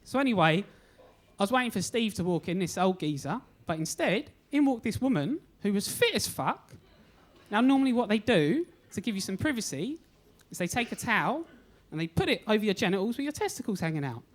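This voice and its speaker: A young man performs a stand-up set on a comedy club stage, his high, sing-song voice moving at a fairly quick clip. He tells cheeky, self-deprecating stories and acts out the quotes.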